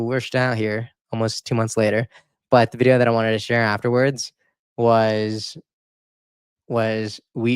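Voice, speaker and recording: A man hosting his channel, reacting to his own past videos in casual commentary, excitable and emotional, often stumbling over and repeating words. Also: fairly low pitch, clear, resonant tone, no room sound. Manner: emotional, near tears. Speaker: YouTube political commentator.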